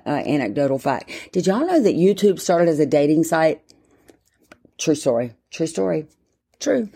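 A woman's voice: low-pitched, darkish tone. A woman, chatting casually as a podcast host, rambling, interrupting herself and filling gaps with ums. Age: 50s. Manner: rambling, self-interrupting, many fillers. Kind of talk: casual solo chat.

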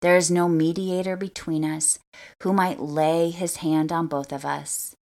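A woman reading scripture aloud as the show's host, in a measured, earnest way. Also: fairly low pitch, little pitch movement, a little mellow. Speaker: scripture reader.

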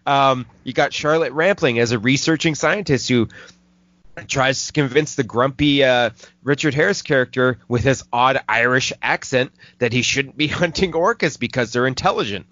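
A man hosting a casual movie review podcast, swearing a lot and rambling excitedly. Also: mid-range voice, normal speed, dry recording. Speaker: film podcast host. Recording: dull lo-fi dry recording.

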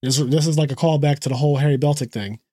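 A man's voice: a little high, fairly even intonation, fast, mellow, husky, no echo, studio quality. A man co-hosting a podcast, recapping a show in a loose, profane way and acting out the characters' lines. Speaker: podcast co-host.

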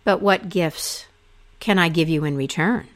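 A woman voicing a proud, blunt young male king in a told myth, speaking slowly and deliberately. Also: lowish voice, lightly acted. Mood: defiant.

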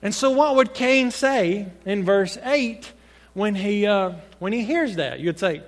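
A high-voiced man preaches with animated energy, firing off rhetorical questions to his congregation. His voice rings through a large church hall with a long, trailing reverb. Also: measured pace. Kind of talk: sermon.

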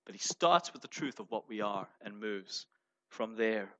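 A man preaching a sermon as pastor, emphatic, moving between loud stressed phrases and quiet asides. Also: on the low side, lively intonation, unhurried. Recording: dull lo-fi sound.

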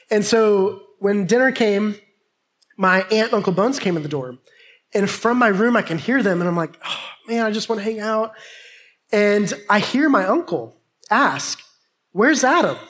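A man preaching a sermon, telling a lively, humorous personal story to a congregation. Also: high-pitched. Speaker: pastor.

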